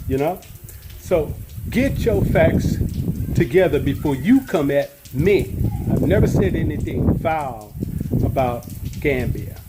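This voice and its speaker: A man in a casual vlog, talking in a relaxed, rambling way with many fillers and restarts. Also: a little high, very noisy. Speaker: vlogger. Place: in Gambia, outdoors.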